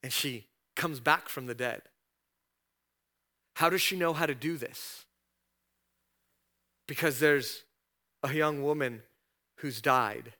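Bright, forceful male pastor preaching. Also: medium pitch, takes it slowly, long pauses. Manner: emphatic preaching, rising to loud repeated questions; retells scripture scenes in a storytelling voice. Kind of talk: sermon.

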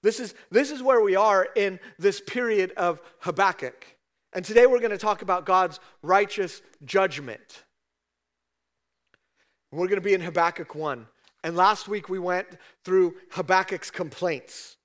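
High-voiced man preaching casually. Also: a little slow, fairly bright tone. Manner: conversational storytelling, frequent "right?" asides. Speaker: pastor. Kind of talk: sermon.

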